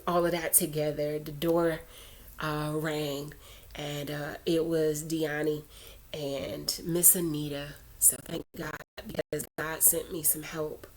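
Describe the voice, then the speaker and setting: A woman whose voice sits low with a darkish tone recounts a personal faith story to camera, with a little hiss or hum in the audio. She rambles chattily through asides in casual vlog style, then becomes earnest as she urges prayer.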